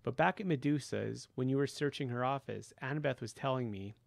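A man voicing a gentle, idealistic young male satyr who talks mournfully and turns indignant. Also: mid-range voice, brisk, gravelly, no room sound, lightly acted. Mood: determined.

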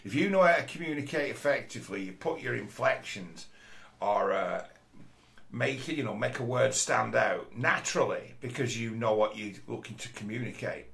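A man's voice: mid-range voice, animated, normal speed, creaky, fairly bright tone. A middle-aged man, talking bluntly in a sweary casual monologue. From Rochdale, England. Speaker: commentator.

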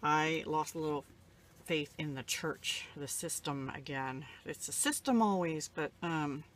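A woman's voice: low-pitched, unhurried, a little hiss or hum. Emotional woman gushing over craft mail. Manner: rambling, soft-spoken, emotional, near tears. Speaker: crafting vlogger. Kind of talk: casual show-and-tell.

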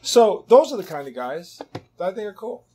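A man in his sixties with a voice pitched a little above the usual male range. He tells stories from the road in a lively, casual way, swearing freely and acting out the people he quotes. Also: normal speed, breathy edge, soft background music. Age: 60s. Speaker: interview guest, rock guitarist. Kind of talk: casual anecdote telling.

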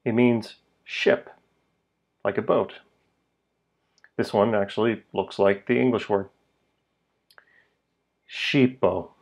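Male language teacher, lowish voice, unhurried, repeats words for drills. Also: steady tone, gravelly, darkish tone. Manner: slow, deliberate, repeats words for learners. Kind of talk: pronunciation lesson.

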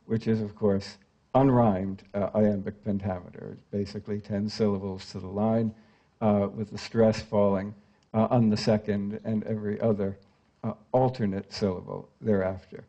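Older guy giving a scholarly talk, lots of uh's, warm mellow voice, kinda muffled recording. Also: lowish voice, level tone, normal speed. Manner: scholarly, with frequent "uh" fillers, reads quoted verse aloud. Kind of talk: lecture.

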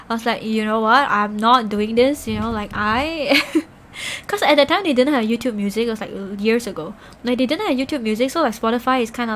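A woman live-streaming, chatting loosely with her viewers and rambling through her stories with plenty of filler words. Her voice sits a little high. A faint noise runs under the recording. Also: fairly bright tone. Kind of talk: casual live-stream chat.

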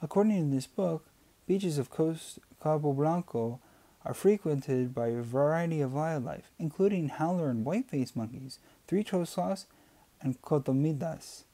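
A man voicing a curious, eager eight-year-old girl on a family trip in an audiobook reading. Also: close to an everyday voice. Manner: high, excited, quick questions.

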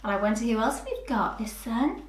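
A woman teaching young children phonics, sounding words out slowly with gentle encouragement. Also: a little high, animated, reverberant, background noise. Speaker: early years teacher. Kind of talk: slow, clear children's lesson.

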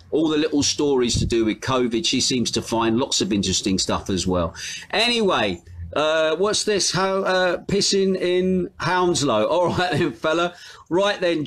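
Man, from Britain, live stream host at home, chatty and rambling, fairly high voice. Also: a bit bright. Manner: chatty, rambling, chuckles often. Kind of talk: casual live-stream chat reading viewer comments.

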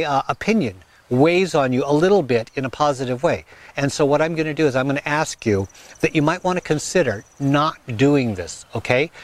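Earnest man giving garden advice. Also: mid-range voice. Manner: earnest, folksy, direct advice with frequent "okay?". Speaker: gardening channel host. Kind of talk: casual advice talk.

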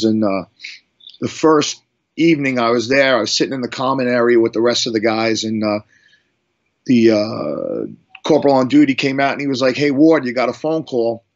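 A middle-aged man from Long Island tells his story in a loose, rambling way, full of restarts and fillers. His voice sits in an average pitch range. The audio is slightly muffled. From Long Island, New York. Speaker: guest musician. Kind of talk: casual storytelling interview.

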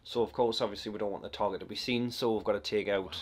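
A man's voice: lowish voice, fairly even intonation, quick pace. A man with a Geordie accent giving casual, self-mocking let's-play commentary full of crude jokes. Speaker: gameplay commentator.

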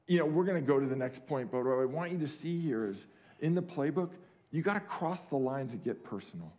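A man's voice: a little high, fairly quick, darkish tone. A middle-aged man preaching a sermon at a family camp, earnest, repeating key phrases for emphasis. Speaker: camp speaker. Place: camp meeting hall.

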